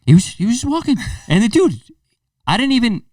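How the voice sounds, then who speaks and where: Animated young man telling a story. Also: very high voice, fairly quick, no room sound, studio quality, far from the mic. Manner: animated, swearing, acts out quoted lines. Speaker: podcast co-host. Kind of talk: casual storytelling chat.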